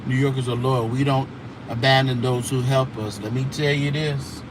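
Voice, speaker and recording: A man's voice: medium pitch, steady tone, moderate pace. A man hosting casual church gossip commentary, sassy and drawling, with mocking mimicry of the people he talks about. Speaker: host. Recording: outdoor traffic noise.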